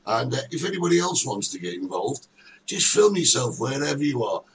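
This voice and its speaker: A man's voice: mid-range voice, very animated, a little fast. A man hosting a casual talk show, teasing and bantering with his co-host. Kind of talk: casual chat. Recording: distant mic, faint background noise.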